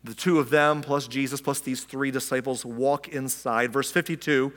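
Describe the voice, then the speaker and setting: Recorded in a large hall, this pastor's sermon is conversational, full of questions to listeners and acted-out quotations. His medium-pitched, fairly bright voice keeps a fairly even intonation at a moderate pace.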